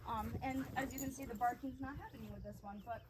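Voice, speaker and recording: High-voiced woman dog trainer coaching outdoors. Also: quick pace. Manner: warm, encouraging praise mixed with calm explanation. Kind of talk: demonstrating and explaining dog training. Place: outdoors with dogs. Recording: outdoor background noise.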